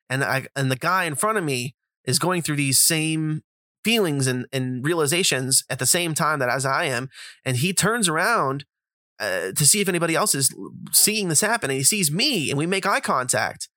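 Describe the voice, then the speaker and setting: A man tells a rambling, profane story in a casual podcast monologue, full of fillers and asides. His voice sits a bit high and comes across bright and forceful. The sound is dry and close. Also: expressive, normal speed, dry recording. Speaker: podcast host.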